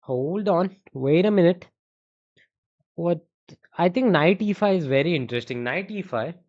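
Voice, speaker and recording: A man's voice: fairly high pitch, lively intonation, moderate pace, darkish tone. A young man with an Indian accent, streaming chess and thinking aloud through variations while he answers chat in a casual way. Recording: dull, muffled stream audio.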